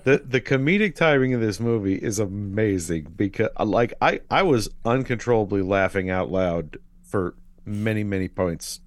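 A man's voice: fairly low pitch, lively intonation, moderate pace, hardly any pauses, dry recording. A man co-hosting a podcast, adding dry, wry quips and commentary to a casual movie discussion. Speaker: podcast co-host.

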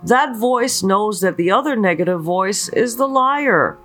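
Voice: medium pitch, expressive, a little slow, fairly bright tone, soft background music. A spiritual teacher giving an earnest motivational talk, asking many rhetorical questions and often checking in with the listener. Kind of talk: slow motivational spiritual talk leading a mantra.

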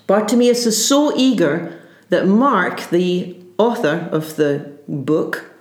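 A woman's voice: medium pitch, darkish tone, echoey room. A woman pastor giving a sermon in an earnest, searching way, often restarting her phrases as she thinks them through.

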